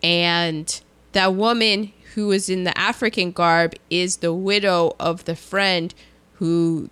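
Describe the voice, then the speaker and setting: A woman in casual chat, recapping a film with animated storytelling. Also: on the low side, takes it slowly, clear, resonant tone. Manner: animated storytelling, acts out quoted lines, laughs often.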